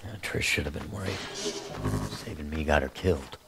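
A grim superpowered game hero, real deep gravelly voice, terse, loud game music. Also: male voice, a little fast.

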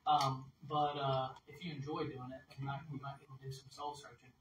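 A man's voice: mid-range voice, little pitch movement, a little fast, reverberant, recorded from a distance, noisy background. A man, a minister telling a family story in a chatty, folksy sermon, laughing between phrases. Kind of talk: anecdotal sermon.

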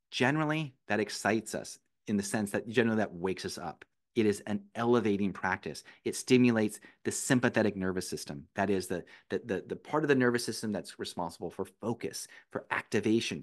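Man calmly explaining breathing techniques. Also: lowish voice. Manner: patient, explanatory, walks through steps one by one. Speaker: podcast guest, meditation and breathing teacher. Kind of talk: conversational explanation.

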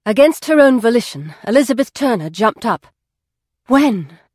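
A woman reading a novel aloud as an audiobook narrator, in an even, measured storytelling voice. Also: a little high, no echo. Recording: dry studio.

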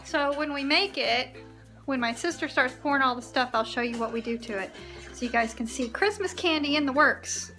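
A woman's voice: high-pitched, moderate pace, pushed and bright. A woman chatting cheerfully to the camera in a casual home vlog, showing what she is doing around the house. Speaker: vlogger. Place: family home, indoors. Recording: home video with music over it.

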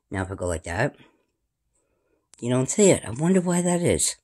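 A woman, filming at home and rambling casually to her camera and her cat, often sliding into a high sing-song baby voice. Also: sing-song, moderate pace, pauses often, mellow. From New York. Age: 50s. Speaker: paranormal vlogger. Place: indoors at home in a room.

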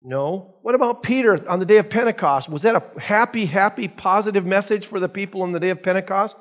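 Male pastor, high voice, Sunday school teacher, asks the class rhetorical questions. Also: a little fast. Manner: reads scripture aloud.

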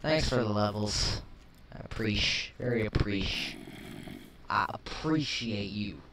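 A young man giving let's play commentary, chatting calmly and then flaring into shouted rage at the game, often swapping swears for milder words. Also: fairly low pitch, measured pace. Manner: swaps swears for mild substitutes. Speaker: gaming commentator. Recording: distant mic with faint hiss.

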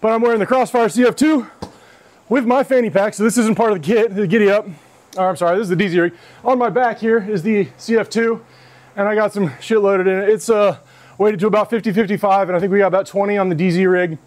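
Dude doing a gear vlog outside, kinda winded, higher voice, chill and cussing. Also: male voice, fairly even intonation, fast talker, darkish tone. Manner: casual, loose, swears freely. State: out of breath after a ruck march. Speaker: gear reviewer. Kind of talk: casual gear review vlog. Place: outdoors in his front yard. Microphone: clip-on mic.

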